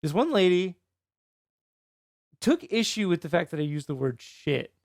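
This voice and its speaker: Male podcast host, gravelly raised voice, rambling anecdote style. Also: high-pitched, very animated, moderate pace, darkish tone, no room sound, studio quality. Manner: rambling storyteller, heavy use of "like". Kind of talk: casual podcast chat.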